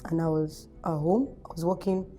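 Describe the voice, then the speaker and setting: Young Nigerian woman, activist guest; warm, lively storyteller who acts out quotes, over soft music. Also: low voice, moderate pace. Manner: animated, acts out quoted voices. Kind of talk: interview storytelling.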